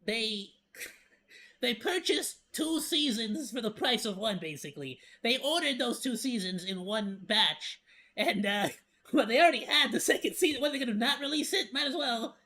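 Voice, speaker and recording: A man's voice: very high-pitched, lively intonation, moderate pace, sharp tone. A man chatting casually as a streamer reacting to a video, joking, laughing often and stumbling over restarts.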